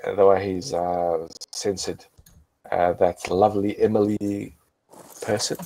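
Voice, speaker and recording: Rambling drunk man with a low voice. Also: level tone, unhurried, dark tone, no room sound, low-quality recording. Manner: rambling, stumbling, many restarts and profanity. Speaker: channel host. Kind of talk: casual chat on a group voice call.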